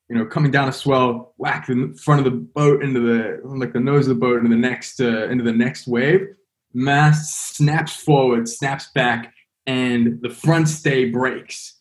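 Yeah loose young guy spinning a yarn, lots of "like", everyday voice. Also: medium pitch. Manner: rambling, full of "like" and "you know". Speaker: guest. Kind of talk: casual storytelling.

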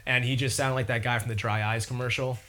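A man's voice: mid-range voice, fast talker, crowd noise. A young man casually telling a long story, rambling and profane, acting out the people in it. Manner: rambling, profane, animated retelling. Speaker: podcast guest.

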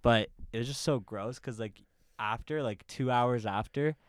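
A young man co-hosting a podcast, telling stories in a relaxed, casual way with some swearing. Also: mid-range voice, measured pace, no echo, clean studio sound. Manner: easygoing storytelling, swears. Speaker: podcast co-host. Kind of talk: casual chat.

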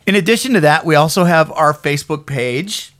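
A man in his fifties with a hoarse frog in his throat, hosting a casual podcast in a rambling, self-deprecating way and swearing now and then. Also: a little high, fairly quick, fairly bright tone, no echo. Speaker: podcast host.

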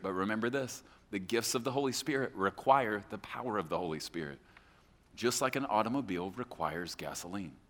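A man preaching a sermon as pastor on a church stage, emphatic, swinging between hushed and loud. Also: fairly low pitch. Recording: echoey hall with long reverb.

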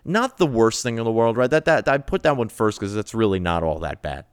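Sarcastic man ranting with a crisp voice. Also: lowish voice, lively intonation, fairly quick, no echo, studio quality. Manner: profane, mocking, sarcastic. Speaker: political commentary host. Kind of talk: sarcastic political rant.

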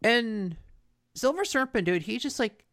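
A young woman co-hosting a podcast, recapping a cartoon in casual chat with animated storytelling. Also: on the high side, unhurried, no echo, studio quality. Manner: animated storytelling with quoted voices. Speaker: podcast co-host.

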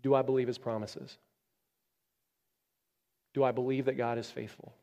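A man's voice: level tone, moderate pace. Impassioned male pastor in an echoey hall. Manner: impassioned, swings from loud emphatic peaks to quiet low stretches. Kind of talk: sermon. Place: church.

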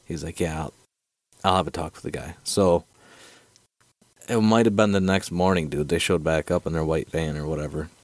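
A man's voice: very deep voice, moderate pace, dry recording. A man casually telling a long hunting story on a podcast, swearing freely and peppering it with "dude" and "right?". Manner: profane, animated storyteller, fillers like dude and right. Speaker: podcast co-host.

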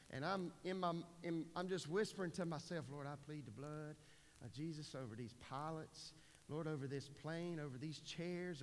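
In a church sanctuary, a pastor in his forties preaches a sermon in an earnest, folksy manner, restarting often. His voice is high-pitched and echoes through a large hall.

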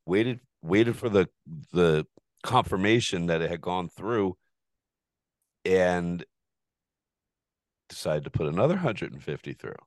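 A man hosting a podcast, telling a story in a casual, profane, animated way and laughing often. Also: low voice, a little slow, pauses often, no echo, studio quality. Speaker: podcast host.

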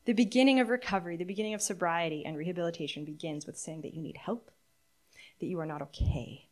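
A middle-aged woman preaching a sermon, earnest and candid, reflective, with halting restarts. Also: fairly low pitch. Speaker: pastor.

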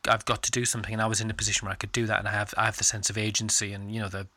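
A man's voice: on the low side, flat delivery, very fast, bright, forceful tone. A middle-aged man co-hosting a podcast, talking candidly in a casual, self-deprecating and jokey way. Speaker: podcast co-host. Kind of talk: casual chat.

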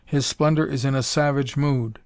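A man reading aloud and voicing a curt, gruff older warrior in archaic speech, in a dry recording. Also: medium pitch, fairly even intonation, normal speed, no echo, close to an everyday voice. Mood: stern. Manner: curt and rasping.

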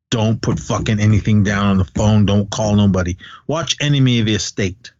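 A middle-aged man from California, chatting on a podcast, telling stories in a profane, animated rant. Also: fairly low pitch, fairly quick, few pauses, dry recording. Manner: profane, ranting, animated storytelling. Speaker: podcast co-host. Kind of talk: casual podcast chat. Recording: dull, dry podcast recording.

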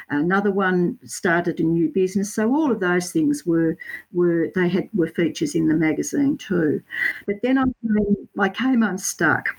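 Chatty Australian woman, low voice. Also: darkish tone, poor audio. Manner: rambling, self-correcting storytelling with Aussie slang. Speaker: guest artist. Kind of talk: casual interview chat.

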